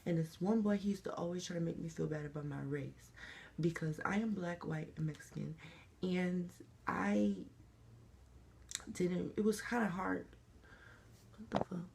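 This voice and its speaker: Young man, confessional vlog, emotional and rambling, gravelly tone. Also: high voice, normal speed, a little mellow, a little hiss or hum. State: crying. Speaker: vlogger.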